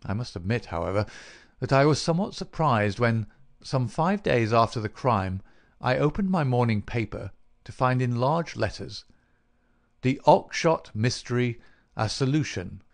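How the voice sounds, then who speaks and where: A man narrating a classic detective story in a measured, even way. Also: mid-range voice, creaky. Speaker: audiobook narrator. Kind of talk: scripted narration.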